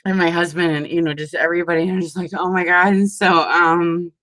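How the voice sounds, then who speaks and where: A woman in her forties chatting casually with her crafting group at home, talking fast and laughing often. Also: on the low side, no echo. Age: 40s. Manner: chatty and animated, breaks into frequent laughter. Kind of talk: casual chat.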